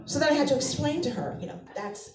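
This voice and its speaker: A woman's voice: high-pitched, expressive, rapid-fire, over loud music. A woman from Massachusetts, a mother of two, telling family stories in a stand-up set and acting out the voices. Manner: chatty storytelling, acts out family voices. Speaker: stand-up comedian. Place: comedy club stage. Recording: echoey club, mic from a distance.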